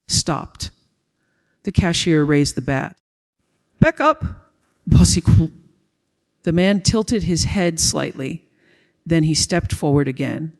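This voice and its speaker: A man reading a first-person dramatic story as a storyteller, in a steady, even way. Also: fairly high pitch. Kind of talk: scripted first-person narration.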